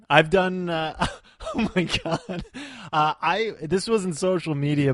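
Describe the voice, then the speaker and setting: A man's voice: on the high side, no echo, clean studio sound. A young man co-hosting a podcast, telling rambling travel stories in casual chat and laughing often. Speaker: podcast co-host.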